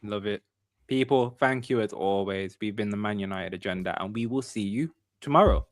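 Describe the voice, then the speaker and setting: A man's voice: lowish voice, moderate pace, slight background noise. A man hosting a casual football fan podcast, upbeat and prone to repeating his phrases. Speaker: podcast host.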